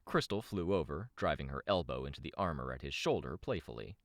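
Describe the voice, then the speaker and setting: A man streaming a live audiobook reading, narrating in a measured way with self-corrections. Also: very deep voice, expressive, dry recording, studio quality.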